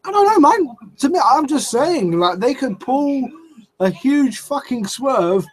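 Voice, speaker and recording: A young man ranting casually on a live stream, excitable and swearing, rambling as he reacts to wrestling. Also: very high-pitched, measured pace, low-quality recording.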